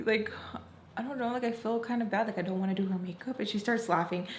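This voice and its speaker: A woman's voice: mid-range voice, fast, a little hiss or hum. A young woman vlogger telling a story in a casual, chatty way, full of "like", and acting out the people she quotes. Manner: chatty, lots of "like", acts out quoted voices. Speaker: makeup artist and vlogger. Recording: echoey room with faint ambience.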